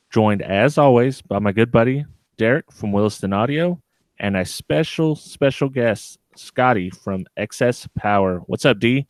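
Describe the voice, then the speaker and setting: Relaxed, joking male host for a casual live show, dry close recording. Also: medium pitch, measured pace, dry recording. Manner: joking, laid-back. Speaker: podcast host. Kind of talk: live-streamed casual talk.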